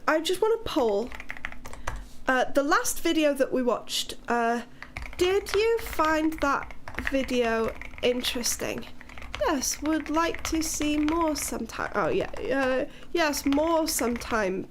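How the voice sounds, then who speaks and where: A woman's voice: sits high, background noise. A woman from Wales with a British accent, chatting casually on a live stream, rambling and frank with the odd swear word. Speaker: livestreamer.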